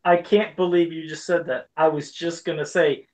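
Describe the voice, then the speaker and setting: A man's voice: fairly high pitch, moderate pace, rough recording. A man co-hosting a casual podcast chat, telling stories and acting out the voices of the people in them. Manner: animated storyteller who acts out quoted voices. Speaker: podcast co-host.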